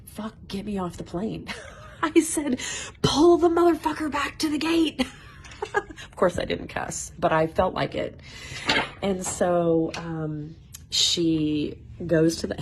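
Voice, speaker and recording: A woman casually telling a personal story in an animated way, swearing and laughing as she goes. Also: low-pitched, gravelly, slight background noise.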